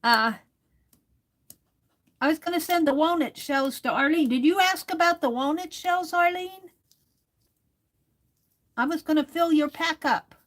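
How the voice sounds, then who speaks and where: Slow, chatty woman crafting on a livestream. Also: high-pitched, fairly bright tone. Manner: rambling, chatty, reads viewer comments aloud. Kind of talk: casual livestream crafting chat.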